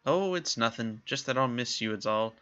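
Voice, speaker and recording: A man's voice: medium pitch, animated, moderate pace, a bit bright, highs cut off, lightly acted. A man voicing a grumbling, wine-loving male companion who wheedles for favors. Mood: wistful. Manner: wheedling, gruff.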